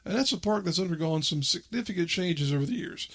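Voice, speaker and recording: A man's voice: high voice, lively intonation, fast talker, vocal fry, a bit bright. A man hosting his own podcast, talking in a chatty, rambling way with fillers. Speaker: podcast host. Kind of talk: casual monologue.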